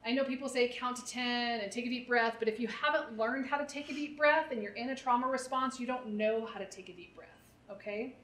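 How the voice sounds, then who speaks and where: A woman's voice: on the high side, fairly quick, fairly bright tone. A woman therapist leading a parent workshop, coaching in a conversational way and often checking in with "right?". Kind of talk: live workshop talk.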